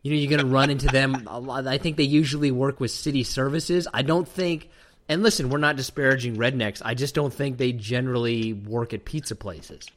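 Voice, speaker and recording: A man's voice: mid-range voice, fairly even intonation, brisk, a bit bright. A man hosting a podcast, chatting casually with dry, teasing humor. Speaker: podcast host. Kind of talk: casual chat.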